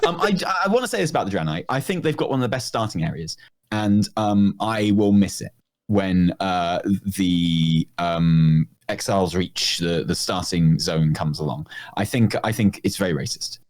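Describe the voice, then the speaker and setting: A man's voice: low voice, animated, moderate pace, a little mellow. A man co-hosting a podcast, chatting casually and jokingly, rambling with lots of fillers. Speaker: podcast co-host. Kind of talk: casual chat.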